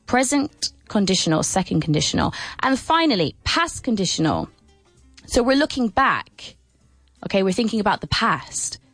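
Female radio English teacher, mid pitch, dry close sound, playful, laughs a lot, big sing-song questions. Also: normal speed, slightly rough, no room sound, soft background music. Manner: lively, playful, with many laughs. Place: radio studio.

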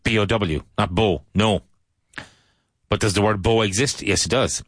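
A man from Ireland runs an English vocabulary lesson, speaking slowly and repeating each term for his learners. His voice sits very low. The recording is dry and close, with no room sound. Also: a bit bright, no echo. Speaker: English teacher.

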